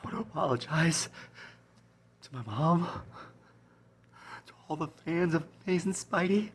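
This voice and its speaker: A woman's voice: deep voice, normal speed, breathy edge. A woman playing a panicked, guilt-ridden fantasy football manager in a comedy sketch, whispering breathlessly and swinging between terror and relief. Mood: guilty whisper.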